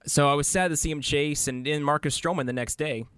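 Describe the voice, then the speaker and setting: A man's voice: a little high, steady tone, fairly quick, a bit bright, clean tone, dry recording. Give me a man co-hosting a sports podcast in an easygoing, casual way. He often stammers as he starts a sentence. The sound is dry and close. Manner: easygoing, stammers on first words. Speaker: podcast producer and co-host.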